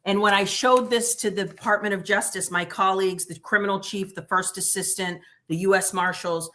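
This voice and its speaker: A woman's voice: mid-range voice, normal speed. A middle-aged woman, a former prosecutor, speaking as a guest in a livestream interview, telling stories bluntly and emphatically. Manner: blunt, emphatic, animated retelling with quoted dialogue.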